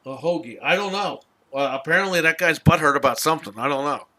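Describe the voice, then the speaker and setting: A man rants casually on his podcast, exasperated and swearing through a long story. His voice sits a little high with a bright, tense edge. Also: fast. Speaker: podcast host. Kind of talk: casual ranting chat.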